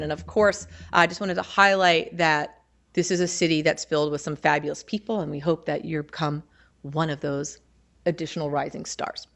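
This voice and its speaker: A woman's voice: medium pitch, highs cut off. A woman from Baltimore with a Baltimore accent, giving an upbeat, conversational presentation to admitted students. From Baltimore, Maryland. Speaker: campus service office presenter. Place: lecture hall.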